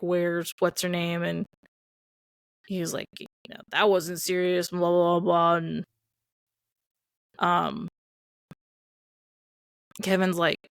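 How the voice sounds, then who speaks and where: A woman co-hosting a relaxed movie review podcast, walking through scenes with lots of "like" and quoted lines. Her voice sits low and carries a gravelly fry. The recording is dry and close. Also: dry recording. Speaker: podcast co-host. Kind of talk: casual movie review chat.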